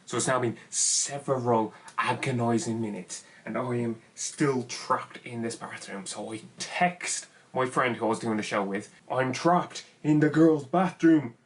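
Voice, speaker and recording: A young man telling a funny personal story in an animated, exaggerated comic way. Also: mid-range voice, unhurried, hardly any pauses. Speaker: YouTuber. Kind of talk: comedic story time.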